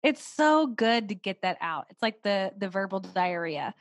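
A woman podcast host speaks at a mid pitch, telling stories with lively expression and then settling into reflection. She sounds close and dry on the mic, with no room echo. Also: normal speed. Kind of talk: casual conversation.

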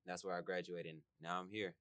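A young man from Egypt, a student guest, talking in a relaxed, friendly way. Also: low voice, fairly quick, smooth, dry recording, studio quality. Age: young adult.

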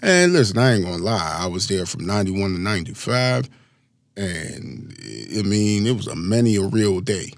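Motivational speaker, 40s, male, from Maryland; lively, wide-ranging pitch, dry close recording. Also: normal speed, dry recording. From Maryland, USA. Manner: animated, storytelling, frequent asides. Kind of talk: casual motivational talk.

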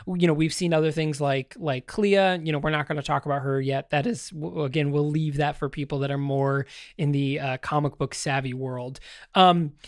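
A man's voice: on the high side, fairly even intonation, moderate pace, dry recording. Rambling man with a dry close sound. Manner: rambling, many fillers and restarts; addresses listeners directly, joking. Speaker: podcast host. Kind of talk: casual commentary on a TV series.

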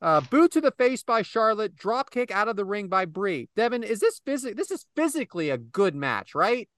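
A man's voice: high-pitched, normal speed, dry recording, clean studio sound. A man hosting a casual podcast chat, recapping a match play by play and calling on his co-hosts by name. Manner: animated, calls on co-hosts by name. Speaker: podcast host.

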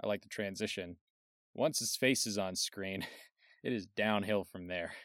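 A young man with a low, plain voice talks through a movie in a relaxed, offhand way, now and then trailing off quieter. He is recorded close and dry, with no room around him. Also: unhurried, no echo. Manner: laid-back, offhand, swears casually, works from notes. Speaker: podcast co-host. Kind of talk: casual film review chat.

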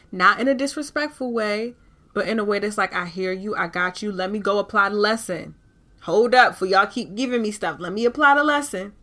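A woman with hosts her podcast in a candid, animated way and curses freely. Her voice sounds bright and forward, with a middle pitch. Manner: animated and candid, with frequent cursing. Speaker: podcast host. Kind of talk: casual spiritual talk.

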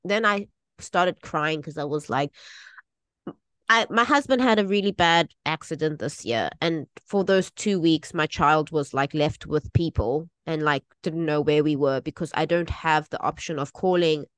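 A woman's voice: sits low, unhurried, no room sound. A woman in her thirties talking in a casual, emotional chat, rambling with many restarts and fillers. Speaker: podcast co-host.

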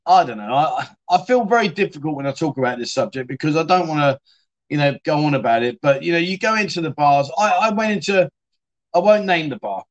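A man hosting a casual livestream, chatting and reading out viewer comments in a rambling way, often saying "mate.". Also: fairly high pitch. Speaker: livestream host.

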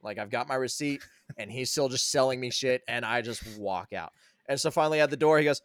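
Animated swearing man telling a story. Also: mid-range voice, brisk, clear, resonant tone, no echo, studio quality. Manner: swearing, animated retelling with quoted voices. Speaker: podcast co-host. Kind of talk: casual chat, storytelling.

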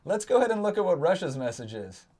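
A man co-hosting a casual reaction chat, joking and sarcastic with quick asides. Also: sits high, big pitch swings, darkish tone. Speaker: co-host.

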